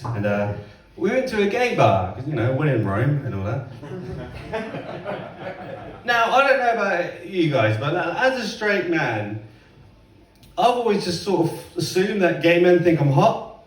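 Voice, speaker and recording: A man works a comedy club stage in a chatty, self-mocking way, now and then bursting into loud acted-out voices. His voice sits a little high for a man. He is picked up from across a roomy club, with faint laughter from the crowd behind him. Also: sing-song, moderate pace. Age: 30s. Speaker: stand-up comedian. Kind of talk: stand-up comedy set. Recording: roomy live club recording from a distance. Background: faint audience laughter.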